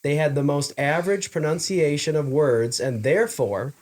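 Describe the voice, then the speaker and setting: A man co-hosting a casual podcast, reading out trivia facts slowly and joking with friends. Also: fairly high pitch, darkish tone. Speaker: podcast co-host. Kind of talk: casual chat.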